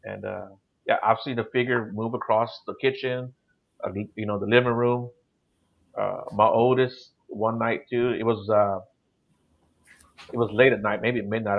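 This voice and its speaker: A middle-aged man with a lowish voice tells a long ghost story in a loose, wandering way, filling his sentences with little asides. The sound is dull and lo-fi, like a call-in show recording. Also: gravelly. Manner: rambling, lots of "you know" and "like". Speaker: guest telling paranormal experiences.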